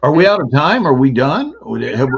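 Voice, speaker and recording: A man from the American South, an actor guest telling stories in a playful, animated way. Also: a little high, normal speed, husky, highs cut off. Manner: playful, animated, slips into character voices. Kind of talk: casual interview storytelling.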